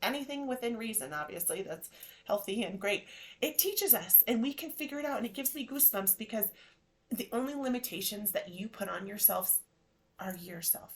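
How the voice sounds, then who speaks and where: A woman's voice: mid-range voice, expressive, moderate pace. Effusive encouraging woman podcast host. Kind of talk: motivational podcast monologue.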